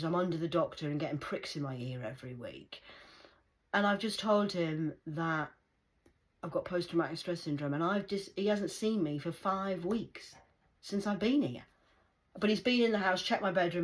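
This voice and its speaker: A woman's voice: sits low, brisk, poor audio. A woman ranting sarcastically to her viewers in a heated, repetitive monologue. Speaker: vlogger.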